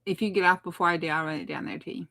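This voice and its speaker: A woman's voice: lowish voice, fairly even intonation, racing, gravelly, sharp tone. A middle-aged woman hosting a craft livestream, chatting casually with her viewers and laughing often. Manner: chatty, laughs often, talks back to chat.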